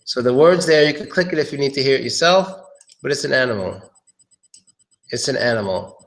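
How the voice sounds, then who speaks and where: A man giving a casual pronunciation lesson, drilling words slowly and chatting between examples. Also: medium pitch, animated. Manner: slow, drawn-out drilling of words, chatty asides. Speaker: pronunciation teacher.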